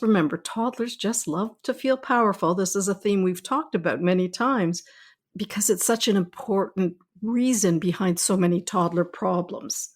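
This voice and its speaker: Calm middle-aged woman podcast host, gravelly. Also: medium pitch. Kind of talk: scripted podcast talk.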